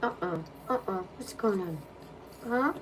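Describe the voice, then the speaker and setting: A woman's voice: mid-range voice, lively intonation, measured pace. A woman tarot reader chatting casually and cooing in baby talk to her dog. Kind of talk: casual chat. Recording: distant mic with faint background hum.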